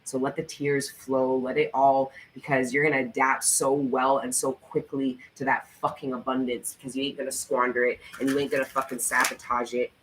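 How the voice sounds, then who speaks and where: Male tarot vlogger, mid-pitched, intense and profane, hammering his encouragement home over faint ambient noise. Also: level tone, moderate pace, few pauses, a bit bright, low-quality recording. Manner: emphatic, profane motivational talk; repetitive, fervent encouragement. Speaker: tarot reader. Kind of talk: tarot reading vlog.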